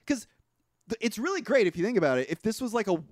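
A man co-hosting a podcast, talking through a movie review in casual chat, animated and swearing often with frequent restarts. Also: high-pitched, fast, no room sound, studio quality. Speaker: podcast co-host.

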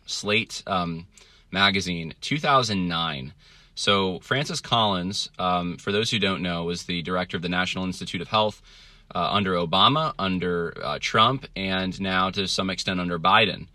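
Podcast host, male, low and bright, dry close sound, rambling chatty delivery. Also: dry recording. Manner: rambling, many fillers and restarts. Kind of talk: casual podcast monologue. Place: traveling, indoors.

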